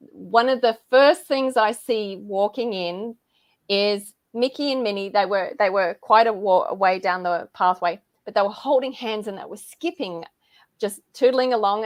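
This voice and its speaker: A woman's voice: mid-range voice, normal speed, dry recording. A woman in her fifties, a podcast guest in casual chat over a video call, telling a personal story with feeling and frequent laughter. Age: 50s. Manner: emotional, storytelling, laughs often.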